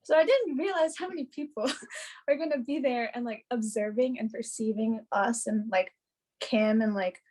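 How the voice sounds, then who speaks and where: A woman's voice: on the high side, normal speed, a little mellow. A young woman telling a story in casual podcast chat, bubbly and giggly, with lots of fillers. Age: young adult. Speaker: hair and makeup artist.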